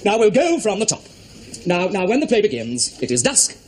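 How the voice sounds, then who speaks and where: An actor playing a fussy, theatrical amateur theatre director who stammers often, on an old TV soundtrack. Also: male voice, high-pitched, wildly swooping pitch, normal speed, darkish tone, full character voice. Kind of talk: sitcom acting. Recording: noisy old TV audio.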